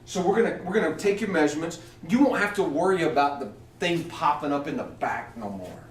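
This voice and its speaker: A man's voice: fairly high pitch, expressive, fairly quick, lightly acted. A man voicing an eager young male shirt salesman with pushy, upbeat sales patter. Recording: roomy hall, distant mic, audience.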